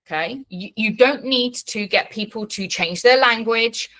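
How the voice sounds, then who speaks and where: Blunt lady coach, bright clear voice, swears a lot, keeps going "okay? yeah?". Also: fairly high pitch, a little slow. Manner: frank, blunt, swears freely, checks in often. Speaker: coach and teacher. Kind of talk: online class teaching.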